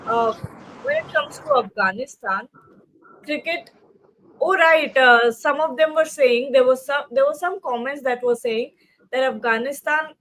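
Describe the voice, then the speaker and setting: A woman's voice: sits high, unhurried, a bit bright, poor audio. A woman co-hosting a live post-match cricket discussion, chatting loosely and reading out viewer comments. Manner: chatty, many "you know" fillers and restarts, reads viewer comments. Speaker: co-host of a cricket talk show.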